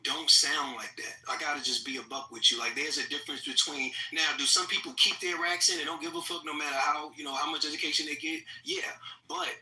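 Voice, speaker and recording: A man's voice: fairly high pitch, fairly even intonation, fast talker, bright, forceful tone. Slangy man, distant and echoey. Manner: casual, rambling, slangy. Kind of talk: heated live voice-chat debate. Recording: echoey, distant online voice chat.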